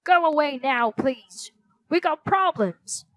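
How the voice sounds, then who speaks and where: A fussy middle-aged theater manager in a storybook reading, wailing and panicking with a high, strained voice, as a woman reader puts him on. The sound is close and dry. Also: animated, takes it slowly, a bit bright, no echo, exaggerated voice. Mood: frantic.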